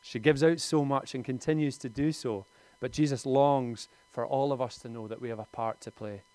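A man's voice: medium pitch, steady tone, normal speed, a little mellow, no room sound. A man, preaching a conversational sermon in a lightly humorous tone.

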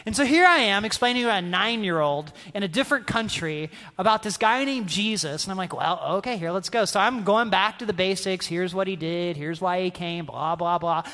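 Young male preacher, high bright voice, casual sermon tone, long hall echo. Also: lively intonation, fairly quick, few pauses. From North Carolina, American South. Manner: conversational, keeps asking "right?", acts out quotes. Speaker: guest speaker. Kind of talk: youth sermon.

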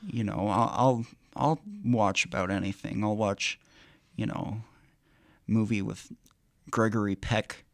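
Hesitant low-voiced man, dry studio sound. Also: steady tone, vocal fry, no room sound. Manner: hesitant, many restarts and pauses. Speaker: radio show co-host. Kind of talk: casual chat. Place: radio studio.

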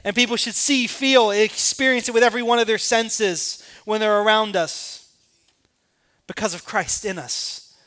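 High-voiced, bright, impassioned male preacher. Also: fairly even intonation, moderate pace, clear, resonant tone. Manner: impassioned preaching, rising to emphatic peaks and dropping to quiet asides. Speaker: pastor. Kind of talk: sermon.

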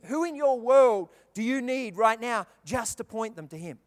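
High-voiced man preaching in a hall. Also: normal speed, few pauses. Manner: animated storytelling, acting out characters' lines. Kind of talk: sermon. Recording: long reverb of a large hall.

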